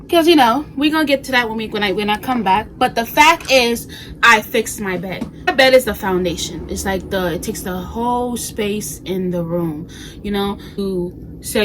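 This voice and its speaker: A woman's voice: medium pitch, normal speed, slight background noise, poor audio. A woman in her twenties from New York, chatting casually and animatedly to viewers in a home vlog. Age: 20s. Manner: animated, sassy, talks straight to viewers with slang. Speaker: vlogger. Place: bedroom at home.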